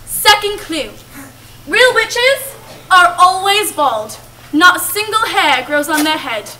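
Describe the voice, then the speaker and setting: A woman plays an old, doting grandmother in an amateur camp-stage play, slowly and dramatically telling ominous witch stories and drawing out words for emphasis. She uses a full character voice: very high, animated, bright and forceful. The audio comes from a far camera in the audience hall, with faint hiss.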